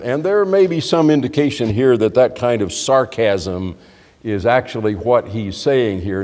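A man's voice: mid-range voice, lively intonation, unhurried, darkish tone. A man preaching a sermon in a church hall, explaining scripture in a conversational way with frequent restarts. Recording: long reverb of a church hall.

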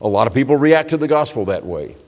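A man preaches to his congregation in an explanatory, conversational tone, often restarting his sentences. His voice sits at an ordinary middle pitch. A long reverb from the church hall hangs on every phrase. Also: very animated, fast talker, a little mellow. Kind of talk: sermon.

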